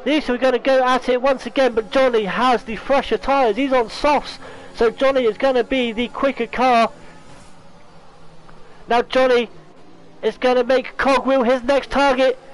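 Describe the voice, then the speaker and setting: A man commentating a sim racing league, excitable, correcting himself often, and losing his voice. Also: very high-pitched, rough recording. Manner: excitable, talks fast with restarts and self-corrections. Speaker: race commentator.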